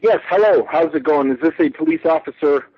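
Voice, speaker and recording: A man's voice: a little high, brisk, slightly rough, dry recording. A man making a prank phone call, ranting with mock outrage and agitation. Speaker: prank caller. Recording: muffled phone line.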